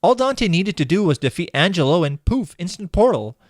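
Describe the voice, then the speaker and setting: A man's voice: high voice, sing-song, normal speed, no room sound, clean studio sound. A man hosting a comedic video game critique, narrating a script in a sarcastic, exasperated way. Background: game music.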